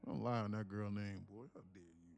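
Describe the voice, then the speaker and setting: Gravelly-voiced man streaming trades. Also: on the low side, fairly quick, darkish tone, faint music behind. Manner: joking, reads chat aloud, puts on slang voices. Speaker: day-trading streamer. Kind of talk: casual live-stream chat.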